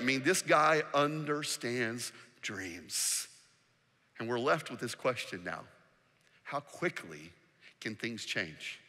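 A man preaching a sermon as pastor, expressive, dropping to a hushed voice to stress key words. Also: medium pitch. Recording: long hall reverb.

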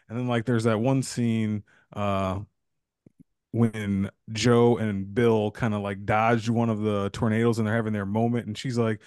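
A man co-hosting a podcast about an old film, chatting casually and slipping into characters' lines as he talks. His voice sits at a middle pitch. The sound is dry and close, with no room around it. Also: no echo. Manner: animated, acts out characters' lines. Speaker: podcast co-host. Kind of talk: casual movie discussion.

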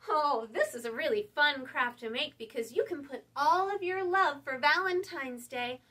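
Brief: children's librarian, woman, bright animated voice, unhurried read-aloud full of questions for the kids. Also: high voice. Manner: animated, sing-song, asks young listeners questions. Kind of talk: reading a picture book aloud to children.

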